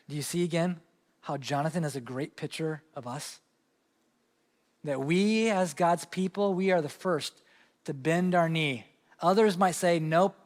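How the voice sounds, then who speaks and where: A man preaching a sermon as pastor, with a Midwestern American accent, animated in his emphasis and dropping into low asides. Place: church sanctuary. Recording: long hall reverb.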